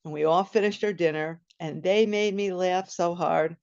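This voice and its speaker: A woman telling a personal story at a storytelling event, animated and acting out the scene, over a video call. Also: fairly low pitch, normal speed, gravelly. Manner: animated, laughing, acts out the scene. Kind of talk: personal story told live. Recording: muffled video-call audio.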